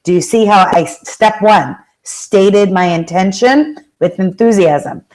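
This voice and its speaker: A woman giving a motivational talk, telling stories with lively acted-out quotes and direct questions to the audience. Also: medium pitch, slow, poor audio. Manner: animated storytelling, acts out quoted voices. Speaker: motivational speaker and life coach.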